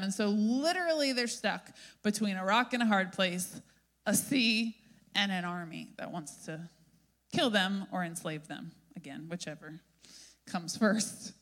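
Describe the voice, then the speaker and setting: A woman pastor delivers a sermon as a lively story. She talks conversationally and keeps checking in with listeners. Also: medium pitch. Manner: lively storytelling, frequent "right?" asides.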